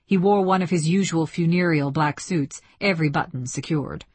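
A woman narrating a novel in an even, descriptive audiobook reading. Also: sits low, moderate pace, husky, no room sound.

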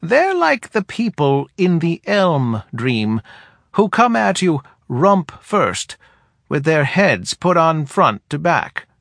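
A man's voice: a little high, sing-song, slow pace, vocal fry, fairly bright tone, no room sound, studio quality, pitched above the performer's own voice, heavily acted. A man voicing the scornful elder woman who leads a small forest people, in a mocking, incredulous tone. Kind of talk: audiobook character voice.

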